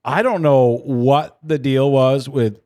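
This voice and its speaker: A man co-hosts a relaxed chat, joking and mock-ranting at the people he talks about. His voice is plain and mid-pitched. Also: slow pace. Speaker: podcast co-host. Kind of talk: casual chat.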